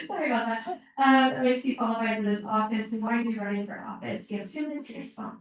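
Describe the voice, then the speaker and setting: A woman moderating a townhall, reading out the questions to candidates in a plain, even way. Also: fairly high pitch, fast talker. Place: public meeting hall. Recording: very echoey hall, voice far from the mic.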